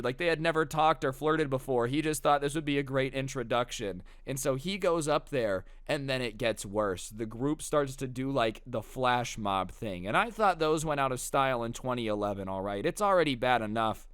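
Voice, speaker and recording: A young man narrating a casual storytime, animated and slangy, talking straight to his viewers. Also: medium pitch, moderate pace, few pauses, clean tone, no echo, studio quality.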